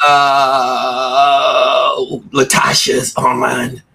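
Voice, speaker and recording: A man co-hosting a casual show, easygoing as he reads out listener shout-outs. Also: medium pitch, monotone, very slow, creaky, heavy background noise. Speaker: podcast co-host reading shout-outs. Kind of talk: casual chat.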